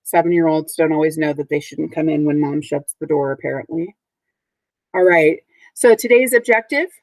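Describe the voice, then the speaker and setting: A woman's voice: lowish voice, no echo, rough recording. Patient woman teaching vocabulary to children. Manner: patient, clear, models words for repetition. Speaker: third grade teacher. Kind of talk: recorded vocabulary lesson for children.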